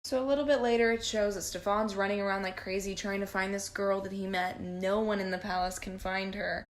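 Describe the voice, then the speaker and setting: A woman's voice: mid-range voice, fairly even intonation, a little fast. A young woman recapping a movie casually, sarcastic, profane and rambling. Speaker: vlogger.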